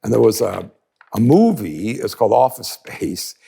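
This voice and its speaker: A man speaks in a gravelly, husky voice as he teaches a podcast audience. His delivery is emphatic and very lively in pitch. He often slips into brief voices to act out the people he quotes. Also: moderate pace. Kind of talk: animated teaching talk.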